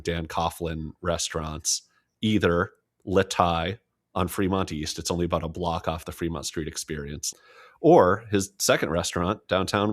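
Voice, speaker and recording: A man co-hosting a casual podcast, giving enthusiastic, joking restaurant recommendations. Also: deep voice. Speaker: podcast co-host. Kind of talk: casual chat.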